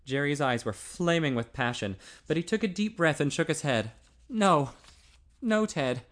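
Man, audiobook narrator, expressive, animated pitch, slightly high voice. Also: a little fast. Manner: expressive, pitch swinging widely. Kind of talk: narrating a novel.

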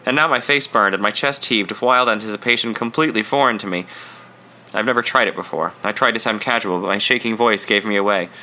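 A man reading a first-person story aloud in an intense, confessional, measured narration. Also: fairly low pitch, bright, forceful tone. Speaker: audiobook reader.

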